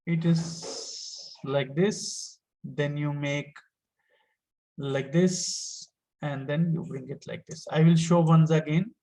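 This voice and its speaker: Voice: medium pitch, fairly even intonation, slow pace, vocal fry, warm tone, rough recording. A teacher, giving an online lesson step by step and patiently repeating each point.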